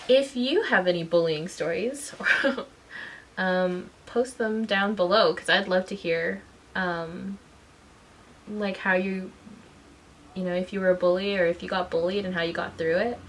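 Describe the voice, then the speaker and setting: A mother and vlogger in a casual storytelling vlog, talking in an animated way and acting out the voices of people in her story. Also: on the low side, unhurried, rough recording. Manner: animated, acts out quoted voices.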